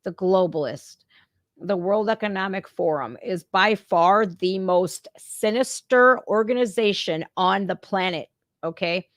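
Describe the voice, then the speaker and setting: A woman's voice: medium pitch, a little slow, no echo. Woman, reaction host, blunt and profane, dry close sound. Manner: blunt and profane, talks straight to viewers. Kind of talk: casual reaction commentary.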